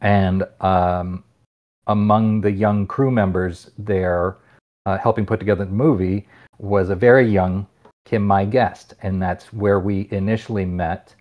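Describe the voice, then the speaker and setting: A man with a lowish voice, joking and playful as he chats on a panel with fellow actors. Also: fairly even intonation, a little slow, muffled recording. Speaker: voice actor guest. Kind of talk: casual panel chat.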